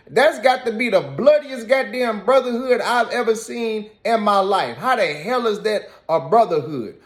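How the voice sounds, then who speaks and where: A man giving reaction commentary, scolding and emphatic, repeating his points. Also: sits high. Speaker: commentary host.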